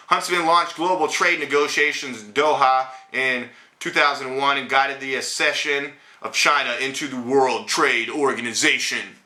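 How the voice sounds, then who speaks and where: A man's voice: medium pitch, sharp tone. Male host for a ranting political vlog, blunt and sarcastic, recorded in a roomy, echoey space. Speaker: host of a political commentary show.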